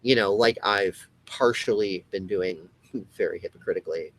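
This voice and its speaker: This comedy web show host has a low-pitched, fairly bright voice and speaks at a normal speed. The audio is poor, with slight background noise. Addressing his viewers directly, he launches into an impassioned, profane rant, repeating himself emphatically and restarting often.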